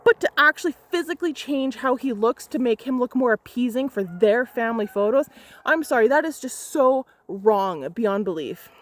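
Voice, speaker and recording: A woman's voice: a little high, animated, normal speed. A young adult woman photographer retelling a client story in an angry storytime vlog, heated, emphatic and profane.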